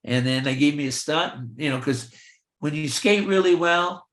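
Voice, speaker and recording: Older man, animated storyteller, fairly high voice, echoey room. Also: moderate pace. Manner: animated anecdotes, acting out quoted voices. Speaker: film extra and actor, guest. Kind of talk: storytelling in an interview.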